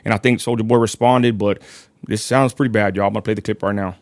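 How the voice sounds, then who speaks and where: A man's voice: lowish voice, fairly even intonation, fast, no echo, clean studio sound. A man with a West Texan accent hosting a casual livestream, rambling and apologetic, constantly addressing his viewers as y'all. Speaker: livestream host.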